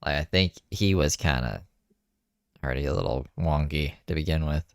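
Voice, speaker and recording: Deep, gravelly, tired-sounding streamer. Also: male voice, moderate pace, no room sound, clean studio sound. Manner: laid-back, swearing, wry. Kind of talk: casual stream commentary.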